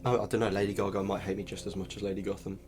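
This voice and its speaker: A young man with a cold co-hosting a casual podcast, joking in a deadpan, mock-gloomy way. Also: low-pitched, very fast, background noise. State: has a cold, congested. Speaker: podcast co-host. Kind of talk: casual chat.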